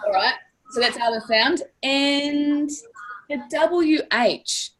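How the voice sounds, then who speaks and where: A woman's voice: high voice, slow, fairly bright tone. A woman with a New Zealand accent teaching a class, upbeat and encouraging, stretching words out to model sounds. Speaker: language teacher.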